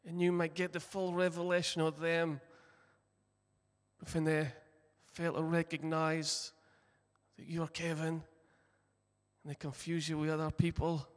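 A man preaching a sermon at a slow, deliberate pace, his fairly high voice ringing out in a large, reverberant hall. He retells a story and acts out its voices, moving between loud, passionate lines and hushed ones. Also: flat delivery.

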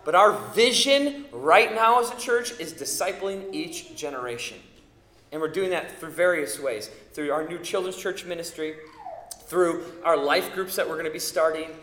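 A middle-aged male pastor delivers a sermon, pressing hard on key words and building to loud peaks. His voice sits fairly high for a man. The sound carries long reverb, as in a roomy church hall. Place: church sanctuary.

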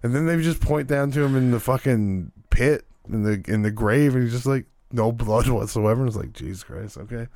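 A man's voice: medium pitch, a little fast, few pauses, a little mellow, dry recording. A man in casual, profane podcast chat about wrestling, laughing often. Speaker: podcast co-host.

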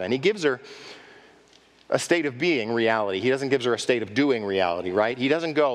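Animated male pastor preaching in echoey hall. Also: mid-range voice, fairly quick. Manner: animated preaching, acting out quoted speech; asks the congregation direct questions. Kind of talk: sermon.

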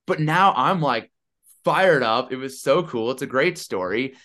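A man's voice: medium pitch, unhurried. Chatty man telling a story. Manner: animated, chatty, lots of "I'm like". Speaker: podcast guest. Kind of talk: casual storytelling.

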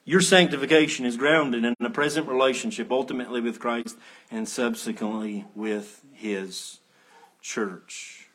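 A man preaching an expository sermon, earnest, swelling to emphatic peaks, then dropping low, with conversational asides and rhetorical questions. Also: steady tone, unhurried, a bit bright. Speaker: pastor.

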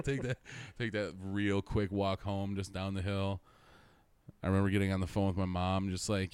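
A man's voice: low voice, little pitch movement, moderate pace, darkish tone, clear, resonant tone, no echo. A young man telling a rambling story in casual chat, swearing constantly and laughing through his own stories.

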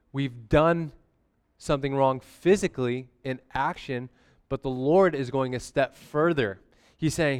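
A man's voice: medium pitch, smooth. Laid-back young man preaching casually. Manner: conversational, slangy preaching with frequent "amen?" asides. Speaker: pastor. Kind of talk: casual sermon.

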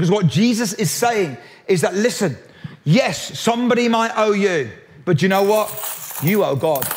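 Man, fairly high voice, lively preaching, humorous, stumbles and restarts. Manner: lively, jokey, with frequent restarts. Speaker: pastor. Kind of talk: sermon.

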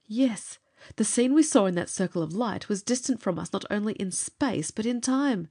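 A woman's voice: mid-range voice, animated, normal speed, dark tone, breathy edge. A woman reading the part of a brilliant, driven young male scientist in an audiobook, with urgent, earnest delivery. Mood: excited.

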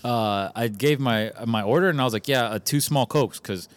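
A man's voice: mid-range voice, moderate pace, no room sound. A young man co-hosting a podcast, telling stories in casual chat and swearing a lot. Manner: swears a lot, animated storytelling. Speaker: podcast co-host.

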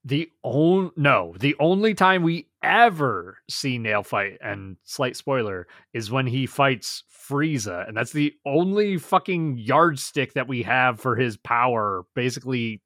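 A man co-hosting a podcast, heard close and dry with no echo. He chats casually and excitably, swearing freely as he goes. His pitch sits in a plain middle range. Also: measured pace, hardly any pauses. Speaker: podcast co-host. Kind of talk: casual episode review chat.

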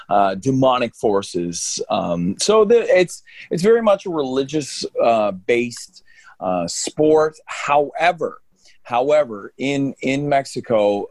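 A man's voice: mid-range voice, a little mellow, no echo. A man from Canada co-hosting a podcast, talking in a loose, rambling way with frequent restarts. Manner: rambling, many fillers and restarts. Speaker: podcast co-host. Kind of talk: casual podcast chat.

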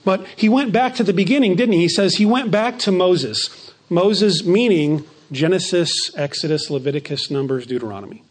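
Pastor, male, higher voice, emphatic sermon delivery that slows and softens for key lines. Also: animated.

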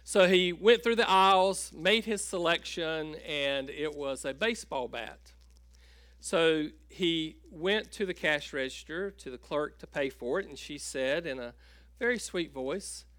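A man preaching a sermon at an unhurried pace, in a bright, forceful voice. He stops and restarts often with fillers. The sound is dry and close. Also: a little high, no room sound. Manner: halting, with many fillers and restarts; storytelling with a joke. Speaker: pastor.

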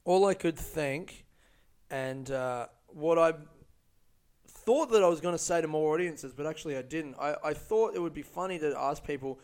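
Man, casual storytelling, slightly high pitch, rambling, profane, lots of fillers. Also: expressive, moderate pace, darkish tone.

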